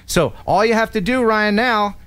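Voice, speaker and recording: A man's voice: sits high, normal speed, fairly bright tone, clean tone, no echo. A man hosting a casual live stream, chatting with a co-host and viewers and making playful jokes.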